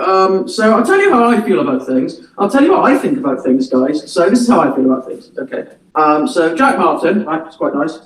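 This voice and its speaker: A man's voice: fairly high pitch, far from the mic. A young Englishman doing a rambling stand-up set of one-liners over a video call, often repeating "right, guys". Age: young adult. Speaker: stand-up comedian. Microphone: laptop or webcam mic on a video call. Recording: echoey room, away from the mic.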